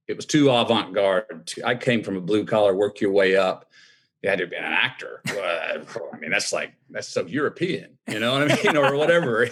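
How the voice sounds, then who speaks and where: A man's voice: medium pitch, husky. A man, telling a life story in a drawling, folksy way and acting out the voices he quotes. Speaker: guest. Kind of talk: storytelling conversation.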